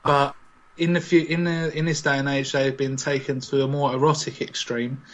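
A man's voice: medium pitch, level tone, normal speed, highs cut off. A man hosting a casual gaming podcast, teasing his co-host and joking around with frequent laughter. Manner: teasing, jokey, laughs often.

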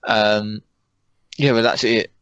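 A young man co-hosting a podcast, chatting casually in a flat, monotone way. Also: fairly low pitch, slow pace, smooth, no echo, muffled recording. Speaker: podcast co-host. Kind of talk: casual chat.

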